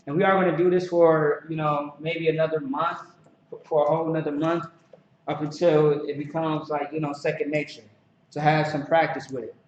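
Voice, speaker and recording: A man teaching a language class in a relaxed, halting way, with many fillers and restarts. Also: a little high. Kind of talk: casual classroom instruction. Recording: echoey, distant, dull lo-fi recording with some noise.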